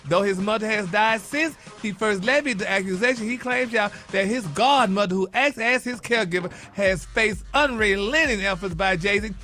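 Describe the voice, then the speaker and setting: Man, celebrity gossip, sassy, very high, bright, music beneath. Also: moderate pace, hardly any pauses. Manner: sassy, peppers with "y'all" and "honey". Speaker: celebrity gossip segment host.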